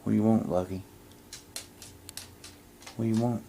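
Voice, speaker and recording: A man vlogging casually with a camcorder, chatting to his dogs and hushing his voice indoors. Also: lowish voice, fairly even intonation, normal speed, vocal fry, a little hiss or hum. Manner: talks to his dogs in a coaxing voice, drops to a hush indoors. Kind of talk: casual vlog narration to camera. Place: house indoors, then backyard outdoors. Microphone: handheld camcorder mic.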